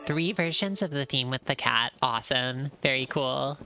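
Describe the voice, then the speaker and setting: A woman's voice: extremely low pitch, moderate pace, music in the background. A woman streamer giving chatty, easily delighted commentary while playing a game. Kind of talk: casual gameplay commentary.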